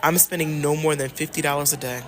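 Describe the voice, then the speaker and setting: A woman from the United States chatting casually in a travel vlog, animated and emphatic, repeating phrases and talking straight to her viewers. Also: low-pitched, fast talker. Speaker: travel vlogger and love coach.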